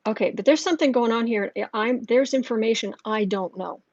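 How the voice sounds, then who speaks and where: A woman's voice: fairly high pitch, a little fast, darkish tone, dry recording, dull audio. Chatty woman rambling through a tarot reading. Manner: rambling, chatty storytelling with restarts. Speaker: tarot reader. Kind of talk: casual tarot reading monologue.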